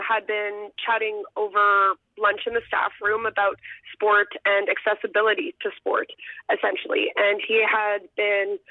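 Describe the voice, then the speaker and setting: A woman telling her story as a guest in an interview, hesitant with many fillers and soft laughs. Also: mid-range voice, gravelly, dry recording. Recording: tinny phone line.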